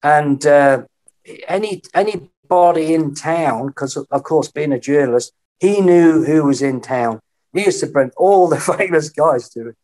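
A middle-aged man, a podcast guest telling lively anecdotes in casual conversation and acting out the voices he quotes. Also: fairly high pitch, measured pace. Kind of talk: storytelling in a casual interview.

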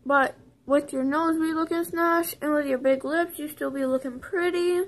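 A woman's voice: sits high, steady tone, moderate pace. A young woman vlogger giving a joking mock beauty tutorial in a playful, rambling way.

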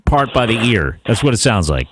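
A man's voice: fairly low pitch, big pitch swings, a little hiss or hum. A man hosting a call-in radio talk show, teasing callers and laughing easily in casual banter. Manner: joking, teasing, quick to laugh. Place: radio studio. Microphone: studio mic.

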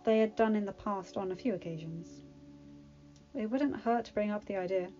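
Mellow woman reading a story. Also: medium pitch, normal speed. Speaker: fanfiction reader. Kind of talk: storybook narration. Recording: dull lo-fi recording, faint music.

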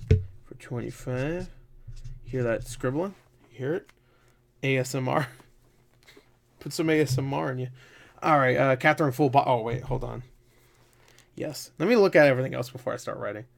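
Casting: male gaming vlogger, mid pitch, excitable and loose, swears a lot. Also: creaky. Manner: excitable, swears, laughs often. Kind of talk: casual commentary.

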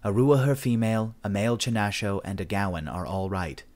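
An alien hacker on the other end of a line, read by a male narrator. He speaks quietly and low, matter-of-fact and unhurried. The voice stays close to the narrator's own. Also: lightly acted.

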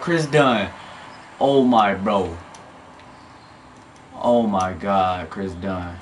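Young man, gameplay commentary, excitable, yelling then groaning, wildly swinging pitch. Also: measured pace, pauses often, a little hiss or hum. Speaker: gamer.

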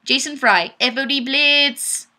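A woman's voice: high-pitched, a little slow, sharp tone. A young woman hosting a webcam chat, reading viewer comments aloud in a bubbly, playful way and laughing often. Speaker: webcam show host. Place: home webcam setup. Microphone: webcam microphone.

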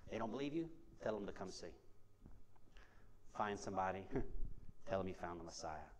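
Delivering a sermon in the church sanctuary, this deep-voiced pastor sounds animated and talks at normal speed. He keeps it conversational, repeating key phrases and putting questions to the congregation in a call-and-response pattern, with a little hiss or hum on the recording.

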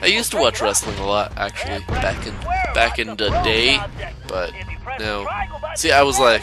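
With game music running in the background, an animated man rambles and jokes over footage of his earlier gameplay at a moderate pace. He recorded this casual commentary at home on his own mic, now and then bursting into squeaky, high-pitched impressions.

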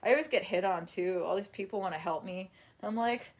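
A woman's voice: mid-range voice, brisk, a little hiss or hum. A woman chatting casually on a live stream at home, rambling from topic to topic, laughing often and talking to her dog. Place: at home while folding laundry.

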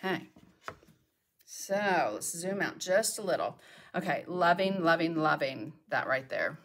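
A woman's voice: sits low, expressive, unhurried, a little hiss or hum. Chatty woman teaching a painting lesson. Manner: chatty, talks to herself while working. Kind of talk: live painting tutorial. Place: home art studio.

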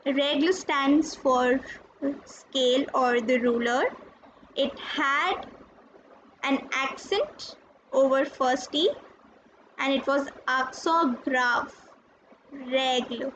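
A high-pitched woman gives a recorded French lesson at an unhurried pace. She is patient, spelling out letters and repeating each word. The sound is dull and lo-fi, with a faint hiss behind her. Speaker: French teacher.

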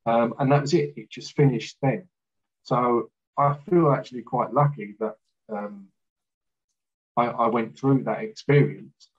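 A man recounting an experience as a guest, talking haltingly with fillers and restarts. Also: medium pitch, slightly rough, dull audio. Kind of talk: casual storytelling in an interview.

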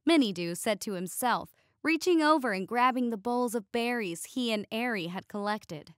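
A woman reading a scripted science fiction story in an even storytelling delivery. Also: on the high side, moderate pace, few pauses, no echo, clean studio sound. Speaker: story narrator. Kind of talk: scripted sci-fi story narration.

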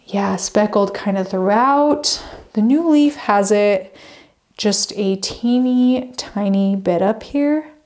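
A young woman talks her way through a home plant tour in a chatty, bubbly vlog voice. She rambles easily into side stories and gushes over what she shows. Her pitch sits in an ordinary middle range. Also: slow, darkish tone. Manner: chatty, rambling, goes off on tangents; bubbly, gushing. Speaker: plant vlogger. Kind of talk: casual home tour walkthrough.

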